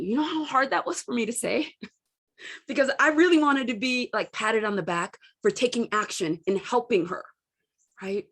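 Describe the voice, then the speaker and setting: Speaking at a normal speed in a slightly high, husky voice, this middle-aged coach shares candid personal stories in a self-help talk, quoting people with animated impressions.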